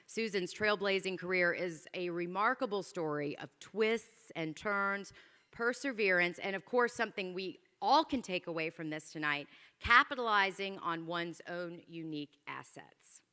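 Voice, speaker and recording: A woman hosts an evening gala on a stage microphone, her voice clear and bright. She makes playful asides to the audience, and her words carry a long reverb from the hall. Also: on the low side, moderate pace. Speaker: master of ceremonies. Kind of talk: emceeing a gala event. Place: large event hall.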